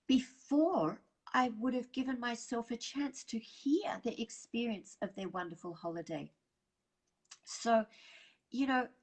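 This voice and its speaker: A woman presenting a live online workshop over a video call, chatting warmly with viewers, reading out their comments and laughing often. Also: on the high side, breathy edge, low-quality recording.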